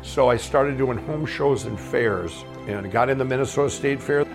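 A man's voice: medium pitch, normal speed, vocal fry, over music. A man telling his life story as a guest, rambling and candid, acting out the dialogue along the way. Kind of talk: personal storytelling.

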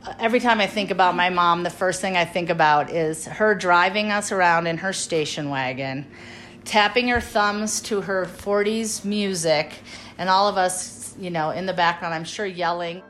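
A woman's voice: on the low side, normal speed, faint music behind. Fond woman in her fifties reminiscing. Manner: warm, fond recollection with fillers and acted-out quotes. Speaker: interviewee, one of five siblings. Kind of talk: reminiscing family interview.

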